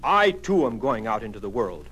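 A man voicing a determined male double bass in a children's story, hearty and resolute. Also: sing-song, moderate pace, a bit bright, husky, exaggerated voice. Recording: music playing behind.

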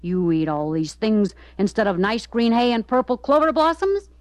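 A woman voicing a gruff, commanding male circus master in a storybook. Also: fairly high pitch, normal speed, no echo, close to an everyday voice. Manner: loud, commanding.

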